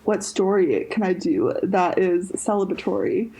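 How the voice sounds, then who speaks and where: A woman's voice: mid-range voice, animated, a little slow, dark tone, a little hiss or hum, low-quality recording. A young woman co-hosting a podcast in casual chat, rambling with lots of fillers and restarts. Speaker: podcast co-host.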